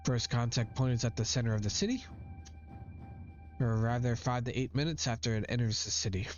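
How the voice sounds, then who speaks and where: A man's voice: mid-range voice, fairly quick, close to an everyday voice. A man reading the lines of a fussy, eccentric male doctor from a game aloud in a fairly plain voice. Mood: explaining. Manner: reads game dialogue aloud. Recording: dull lo-fi recording with faint game music.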